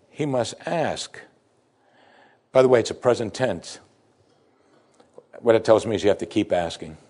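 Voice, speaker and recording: A man preaching a sermon, animated, swinging between loud emphasis and soft, quiet asides. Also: mid-range voice.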